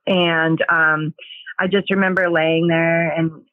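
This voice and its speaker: A woman's voice: deep voice, flat delivery, no echo. Hesitant woman telling her story over a tinny line. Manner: hesitant, halting, with many pauses. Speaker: guest sharing a personal testimony. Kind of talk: emotional personal testimony.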